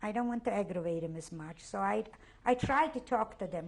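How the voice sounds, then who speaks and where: An older woman with a Polish accent speaks in a halting, emotional way, circling back and repeating phrases. Her voice sits at an ordinary middle pitch. She is a survivor giving an oral history interview. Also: lively intonation, darkish tone. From Poland.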